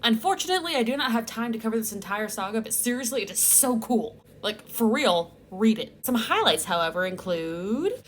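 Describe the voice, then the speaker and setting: High-voiced sarcastic woman vlogger. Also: sing-song, a little fast, slight background noise. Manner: sarcastic, playful, exaggerated asides. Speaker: host. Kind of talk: comedic Bible recap vlog.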